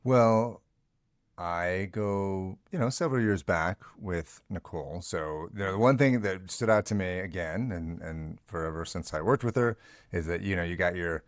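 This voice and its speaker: A slightly hoarse man with a very deep voice co-hosts a podcast, rambling with many restarts. He chuckles now and then. The sound is dry and close. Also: normal speed, dry recording. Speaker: podcast co-host. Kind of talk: podcast conversation.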